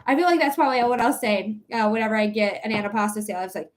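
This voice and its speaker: Woman host with a Detroit accent, somewhat high, loose and chatty, thinking out loud on a live stream, sleep deprived. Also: very fast. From Metro Detroit, Michigan. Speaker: psychic reader and livestream host. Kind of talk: casual live-stream chat.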